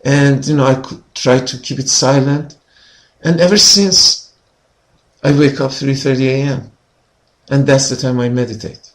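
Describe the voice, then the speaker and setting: A man's voice: medium pitch, fairly even intonation, unhurried. A man being interviewed as a healer, telling a personal story in an earnest way with many "you know" fillers.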